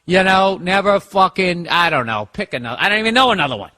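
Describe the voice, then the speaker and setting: A man's voice: sits high, big pitch swings, fast, pushed and bright. A middle-aged man hosting a podcast, ranting alone in a sarcastic, profane, casual way. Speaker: podcast host.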